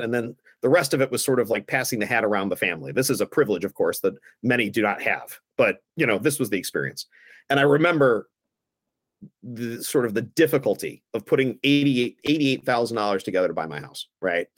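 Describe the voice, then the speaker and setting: A man, a guest on a podcast, telling stories in a casual, animated way and acting out the other people's lines. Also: medium pitch, no room sound, clean studio sound. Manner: animated anecdotes, acts out the other voices. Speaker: guest, former aldermanic candidate. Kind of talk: casual storytelling.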